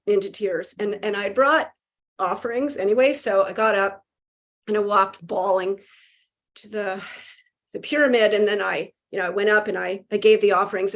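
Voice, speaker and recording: A woman guest telling a spiritual story with animated emotion, acting out quotes and laughing. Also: medium pitch.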